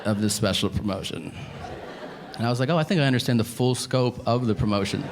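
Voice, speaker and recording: A man's voice: mid-range voice, fast, background noise. A male stand-up comedian telling profane stories on stage, acting out the back-and-forth of each exchange. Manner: profane storyteller acting out exchanges in quoted voices. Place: comedy stage before a live audience.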